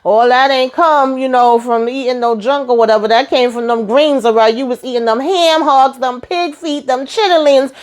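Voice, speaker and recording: A woman's voice: sits high, steady tone, moderate pace, few pauses, pitched above the performer's own voice, close to an everyday voice. A woman putting on the voice of a bossy, teasing middle-aged mother who scolds and jokes while cooking a big meal.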